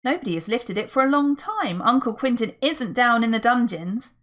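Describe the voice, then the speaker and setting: A woman's voice: a little high, animated, moderate pace, pitched above the performer's own voice, lightly acted. A woman reading the part of a sensible, cheerful older boy who speaks confidently and reasons things out. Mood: earnest.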